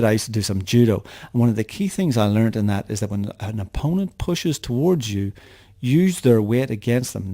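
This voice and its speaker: A man's voice: mid-range voice, dark tone. A middle-aged man teaching a sales lesson in a conversational way, often repeating words as he acts out what customers say. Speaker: sales trainer. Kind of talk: coaching lesson to camera.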